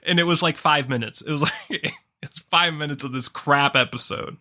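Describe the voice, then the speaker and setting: A man's voice: a little high, normal speed, sharp tone. A man co-hosting a podcast, ranting sarcastically and swearing heavily in a casual review chat. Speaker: podcast co-host.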